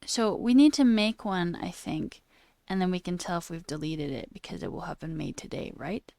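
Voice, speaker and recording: Woman, young adult, streamer, casual chat, thinking aloud, gravelly. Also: fairly low pitch, moderate pace, dark tone, dry recording. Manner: chatty, thinking aloud while working.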